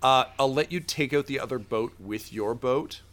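A man's voice: mid-range voice, normal speed, a bit bright. A man narrating a tabletop game as game master over a video call, laid-back and full of fillers.

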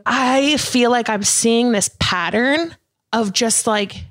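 A woman's voice: fairly high pitch, slow pace. A woman hosting a podcast, talking in a chatty, open way with a lot of "like". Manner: chatty and open, heavy use of "like". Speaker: podcast host. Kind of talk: casual podcast chat.

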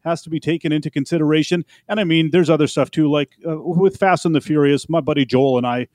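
Animated, rambling man co-hosting a podcast. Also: on the high side, quick pace, no room sound. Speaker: podcast co-host. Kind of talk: casual entertainment chat.

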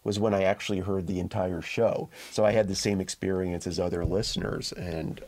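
A man, a print reporter and podcast guest, telling a story in relaxed conversational talk. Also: sits low, brisk. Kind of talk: casual interview talk.

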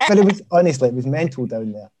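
A middle-aged man with a Glaswegian Scottish accent, a former footballer chatting as a podcast guest and telling lively anecdotes while laughing at himself. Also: mid-range voice, fast talker. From Scotland. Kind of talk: casual podcast chat.

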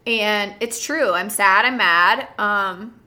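A young woman hosting a podcast in casual chat, animated, shifting between soft talk and loud bursts, laughing often. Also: medium pitch, takes it slowly. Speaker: podcast host.

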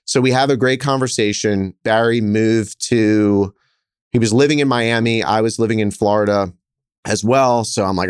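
A man in his thirties, a hotel investor, telling stories in a lively, conversational way, speeding up and getting louder as he acts out scenes. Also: fairly low pitch, clean tone, dry recording, clean studio sound. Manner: animated, quick storyteller who gets louder acting out scenes. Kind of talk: conversational interview storytelling.

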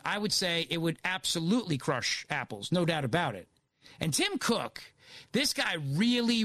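A man's voice: a little high, a bit bright, no echo. A man guest-hosting a talk radio show, giving a sarcastic, digressive opinion monologue into a studio mic.

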